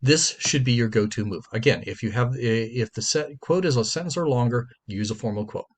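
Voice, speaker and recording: A man's voice: mid-range voice, fairly quick. A man teaching a writing class, lecturing in a conversational way and repeating and stressing his key points.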